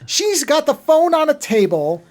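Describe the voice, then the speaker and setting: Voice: sits high, sing-song, unhurried, a little mellow. A podcast co-host in casual chat who argues firmly and insists on finishing the point.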